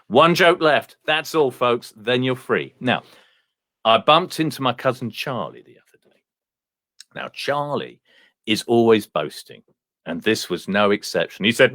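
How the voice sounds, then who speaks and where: A man telling a run of one-liner jokes in a deadpan way, slowing for the punchlines, then chatting as a guest on a video call. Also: medium pitch, no echo, clean studio sound. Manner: deadpan joke delivery with slow punchlines. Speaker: comedian guest.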